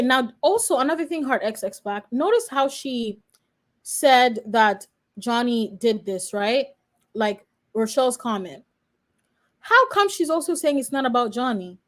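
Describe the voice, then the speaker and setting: A woman in her twenties, a law student reacting live and chatting straight to her viewers. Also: fairly high pitch. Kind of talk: live reaction stream commentary.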